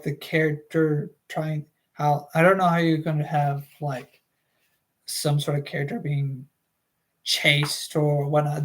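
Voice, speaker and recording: Rambling casual book-reading streamer. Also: medium pitch. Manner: rambling, many fillers and restarts. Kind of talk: casual livestream chat.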